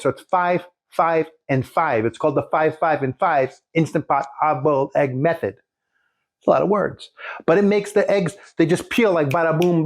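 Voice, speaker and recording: A man casually showing a recipe in his home kitchen, rambling with folksy jokes and asides. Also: on the high side. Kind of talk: casual cooking demonstration.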